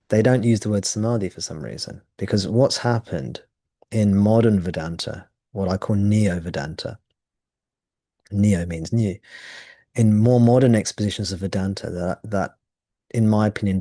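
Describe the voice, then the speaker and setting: A man's voice: on the low side, warm tone, no room sound, clean studio sound. A man teaching at a satsang, explaining ideas thoughtfully and often restarting his phrases. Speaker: spiritual teacher. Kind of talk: satsang talk.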